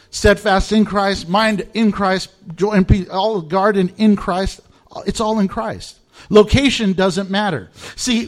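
Expressive male pastor with a fairly high voice, chuckles between points, emphatic and repetitive. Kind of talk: sermon.

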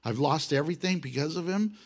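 A male pastor preaching a sermon in an animated, joking way, with playful sound effects. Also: fairly high pitch, quick pace.

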